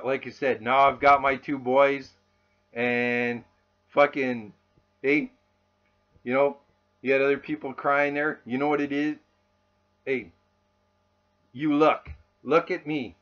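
A man's voice: fairly high pitch, fairly bright tone. Furious swearing man ranting. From Canada. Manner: furious, swearing constantly, raw. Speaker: vlogger. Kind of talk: angry profane rant. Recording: dull lo-fi recording.

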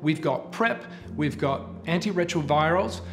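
A man's voice: on the high side, lively intonation, measured pace. A man in his forties, a producer and advocate, candidly telling his personal story in an interview. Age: 40s. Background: music bed.

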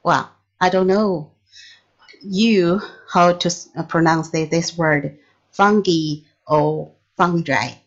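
Slow, halting woman lecturing. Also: fairly low pitch, steady tone, muffled recording. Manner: halting, many restarts and fillers, non-native phrasing. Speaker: pharmacology lecturer. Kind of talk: recorded lecture.

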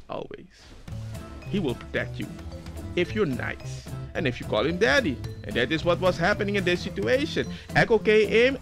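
An excitable man joking his way through gameplay commentary. His voice sits high and swoops around constantly. Faint background music runs beneath him. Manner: excitable, jokey and enthusiastic. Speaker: video creator.

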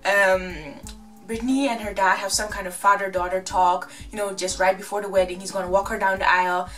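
A woman recapping a reality show in a casual, gossipy, animated way. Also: mid-range voice, brisk, recorded from a distance, faint music behind. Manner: gossipy, animated, acts out quotes.

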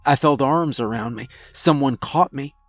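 A man narrating a first-person horror story in a measured, somber manner. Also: medium pitch, soft background music.

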